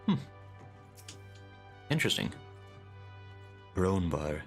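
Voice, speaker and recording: A man with a deep voice chats casually while playing a game on stream, reading out chat messages as he goes. Faint game music runs behind him. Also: moderate pace, long pauses, a bit bright. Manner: chatty, reads chat messages aloud. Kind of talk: casual live-stream commentary.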